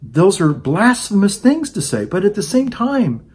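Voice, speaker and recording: A man's voice: high voice, very animated, a little slow, a little mellow, breathy edge. A man giving a rambling, sarcastic opinion monologue on his own channel, full of "you know" fillers. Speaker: video blogger.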